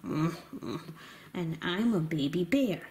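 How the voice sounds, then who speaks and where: Baby bear toy played by a woman, low voice, slow and drawn out. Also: animated, a little mellow. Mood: gentle.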